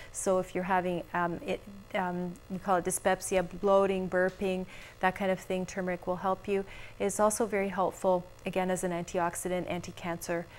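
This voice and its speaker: A woman doctor giving calm, practical health advice in a casual TV chat, laughing easily. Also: medium pitch, a little hiss or hum. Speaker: physician guest. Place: TV studio.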